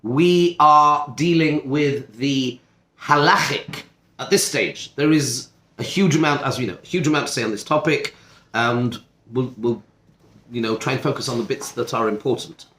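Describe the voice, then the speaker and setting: Man as rabbi teacher, chatty lecture style, middle-pitched voice, roomy echoey classroom. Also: normal speed, fairly bright tone, a little hiss or hum. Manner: conversational, self-interrupting, asides and rhetorical questions. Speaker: rabbi teaching a study group. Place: seminar classroom.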